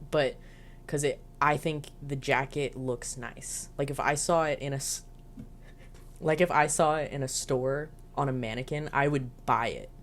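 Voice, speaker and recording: A woman's voice: rumbling low, slight background noise. A woman casually recapping television episodes in a chatty, filler-heavy way with giggly asides. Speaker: show reviewer.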